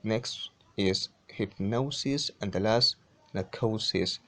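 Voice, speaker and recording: A man teaching English pronunciation, saying each word slowly and repeating it several times. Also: lowish voice, a bit bright. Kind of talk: pronunciation lesson.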